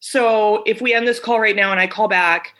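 Pushy annoyed contractor man on the phone, blunt, a woman quoting him in her own bright voice. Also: high-pitched, fairly even intonation, normal speed, poor audio. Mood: irritated.

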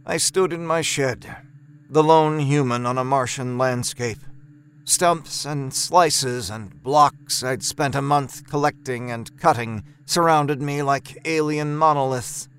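A man narrating a first-person horror story in a measured, deliberate way, lingering on its imagery. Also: mid-range voice, fairly bright tone, clear, resonant tone.

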